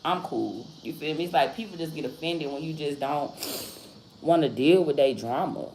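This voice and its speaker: Speaking at a moderate pace in a low, slightly mellow voice, a livestream host in her thirties talks casually in slang. She keeps asking "you feel me?" The room sounds echoey, with faint noise in the background.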